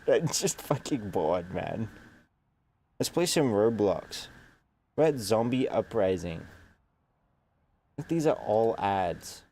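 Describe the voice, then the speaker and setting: Slow, mellow-voiced man with a stuffy nose. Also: lowish voice, husky. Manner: sarcastic, rambling, profane. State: congested nose. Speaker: streamer. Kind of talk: casual gaming commentary.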